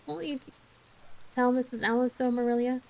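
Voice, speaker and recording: Brief: woman doing an anguished orphan girl, pitched up, dramatic storybook reading. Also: fairly even intonation, moderate pace, a little mellow, natural voice. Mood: tearful.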